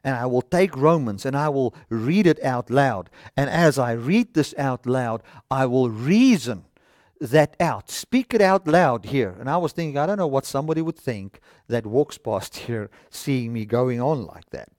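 A man's voice: mid-range voice, animated, a little slow, a little mellow, dry recording. A man preaching a sermon from a studio stage, reading scripture aloud and reasoning through it with rhetorical questions.

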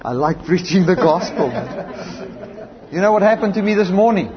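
A man's voice: high-pitched, animated, moderate pace, crowd noise. A man with a South African accent preaching a sermon, telling stories with emphasis and saying amen and hallelujah. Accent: South African English. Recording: slightly dull lo-fi recording with faint background noise.

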